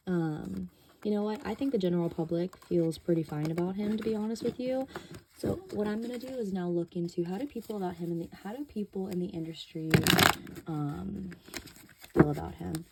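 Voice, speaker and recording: A woman's voice: fairly low pitch, a little fast, creaky, background noise. A woman giving a casual tarot reading, chatty and loose, with many fillers and casual swearing. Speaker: tarot reader.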